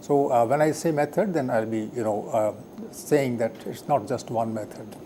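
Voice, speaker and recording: An older man giving a live televised lecture as the guest professor, speaking haltingly with many fillers and frequent throat clearing. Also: medium pitch, warm tone, a little hiss or hum. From India.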